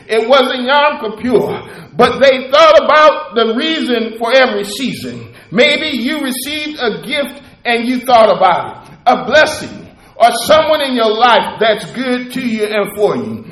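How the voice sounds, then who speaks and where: A man preaching a Christmas sermon with a preacher's cadence, lifting into shouts and half-sung phrases. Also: very high-pitched, reverberant, poor audio.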